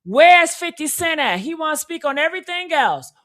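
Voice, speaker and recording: A woman hosting a casual commentary video, talking straight to her viewers in an outspoken, animated rant. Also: high voice, moderate pace. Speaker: commentary host.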